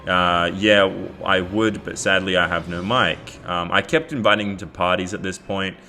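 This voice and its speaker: Australian man, lowish voice, bright and forceful tone, bemused casual storytelling. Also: steady tone, moderate pace, faint music behind. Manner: bemused, recounting chat messages. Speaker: YouTuber.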